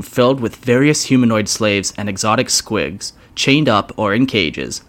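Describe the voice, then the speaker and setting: A man's voice: lowish voice, a little slow. A man casually reading a fantasy fan story aloud, with wry, joking asides. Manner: lively, wry asides with swearing. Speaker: story reader.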